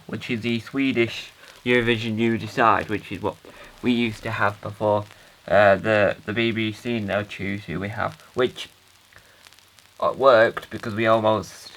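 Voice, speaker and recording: A man's voice: on the low side, steady tone, measured pace, fairly bright tone, poor audio. A man playing an earnest, rambling dad who records a hesitant, self-interrupting video diary for his kids. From United Kingdom. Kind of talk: comic character monologue.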